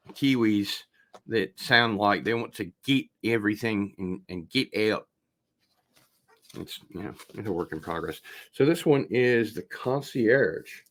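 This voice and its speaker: A man's voice: on the low side, fairly bright tone. A man hosting a casual vinyl record unboxing, chatting as he opens packages and wandering off on tangents. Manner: rambling, drawn-out, talks things over while opening packages. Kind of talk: casual livestream unboxing chat.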